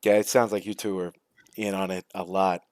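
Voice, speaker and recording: A man's voice: low voice, little pitch movement, fairly quick, a little mellow, slight background noise. A man chatting as a guest on a live-streamed podcast, joking and mocking himself. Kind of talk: casual chat.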